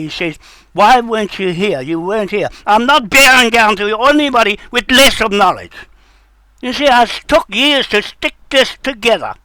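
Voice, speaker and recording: A man's voice: sits high, sharp tone, dry recording. An older man, delivering an indignant, rambling monologue full of accusations and repeated points. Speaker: self-styled sovereignty advocate.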